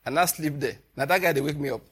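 A man's voice: fairly high pitch, quick pace, a bit bright, breathy edge. A man preaching a sermon in a loose, conversational way, often breaking into laughter as he tells stories. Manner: laughs often, chuckling storyteller. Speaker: pastor.

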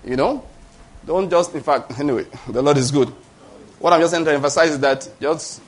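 A middle-aged Nigerian-accented man preaching in a somewhat high voice. He talks to the congregation in an emphatic, conversational way, often stopping to check that they follow him. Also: brisk. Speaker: pastor. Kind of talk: sermon.

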